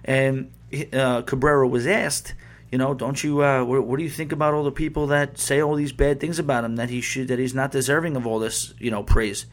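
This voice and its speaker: A man's voice: medium pitch, flat delivery, fairly quick. Heated, profane man ranting on a podcast. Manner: heated, profane, rambling with restarts. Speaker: podcast host. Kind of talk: casual sports podcast rant.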